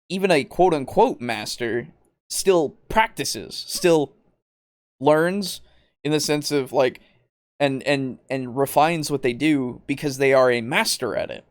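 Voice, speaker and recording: A man's voice: medium pitch, smooth, no echo, studio quality. A man hosting a podcast, ranting in exasperation, swearing often and laughing mid-sentence. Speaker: podcast host.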